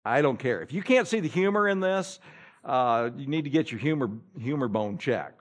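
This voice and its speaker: Male preacher, humorous sermon storyteller; lively, slightly high voice. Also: moderate pace. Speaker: pastor.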